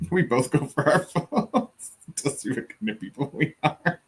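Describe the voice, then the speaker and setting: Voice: mid-range voice, expressive, takes it slowly, husky. Giggly, drawling Southern-accented streamer. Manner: giggly and playful, drawling, laughs often. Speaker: co-host of a live reading stream. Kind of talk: casual live-stream chat, reading out viewer comments.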